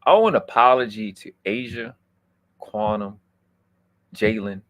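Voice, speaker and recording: A man hosting a livestream, ranting in a heated, profane way and swinging from low muttering to loud outbursts. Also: lively intonation, measured pace, no room sound. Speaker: livestream host.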